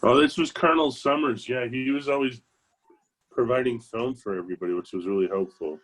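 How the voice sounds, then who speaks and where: A man's voice: mid-range voice, a little fast, a bit bright, slight background noise. A man in his late forties, a podcast guest, telling old school sports stories in an easygoing, enthusiastic way. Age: late 40s. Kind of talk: casual reminiscing chat.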